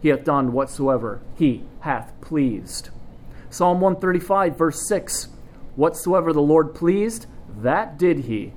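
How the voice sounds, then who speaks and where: A man preaching a sermon in a measured, emphatic way, slowing down to stress key phrases. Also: fairly high pitch, expressive.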